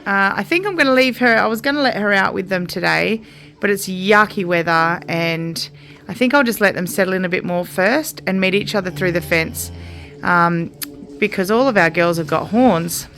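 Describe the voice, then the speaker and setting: A woman's voice: medium pitch, normal speed, fairly bright tone, soft background music. An Australian woman filming a casual farm vlog in an outdoor milking shed, explaining her work to viewers and cooing soothing praise to a cow. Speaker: homesteader vlogger.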